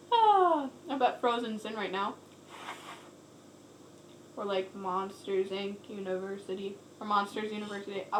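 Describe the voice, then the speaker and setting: A woman's voice: fairly high pitch, fairly bright tone, slight background noise, rough recording. A teenage girl rambling casually into her camera at home, full of "like" and giggly asides. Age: teens. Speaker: vlogger. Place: home, indoors. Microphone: camera set on a shelf.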